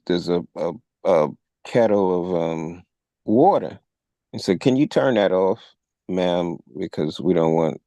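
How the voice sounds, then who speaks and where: A man co-hosting a talk show, recounting a news event in a measured, storytelling way. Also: deep voice, warm tone, no room sound. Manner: measured storytelling, acts out quoted officers with raised voice. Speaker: podcast co-host. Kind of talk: conversational retelling of a news story.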